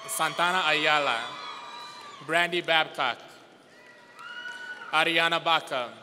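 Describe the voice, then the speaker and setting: Man slowly calling names in an echoey hall. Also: on the high side. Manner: slow, measured name calling. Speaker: name reader at a graduation. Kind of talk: reading out names. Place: large hall at a school graduation. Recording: echoey hall with crowd noise. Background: cheering crowd.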